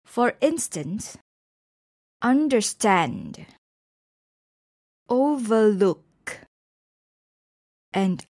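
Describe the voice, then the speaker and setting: A woman teaching English pronunciation in a scripted lecture, reading example words slowly and deliberately with pauses between them. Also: medium pitch, darkish tone, dry recording, clean studio sound.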